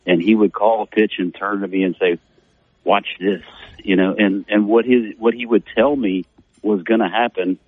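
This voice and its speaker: Heard through dull, narrow, phone-like radio audio with no echo, a middle-aged man who used to be a player rambles through a casual interview with lots of fillers. His fairly low voice is steady and a bit breathy, at a normal speed.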